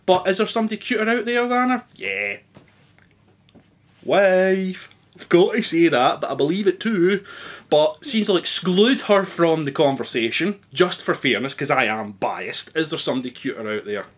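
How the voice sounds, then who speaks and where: A man's voice: high-pitched, lively intonation, normal speed. A married man vlogging casually, answering questions in a rambling, self-deprecating way with many hesitations. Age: adult, married.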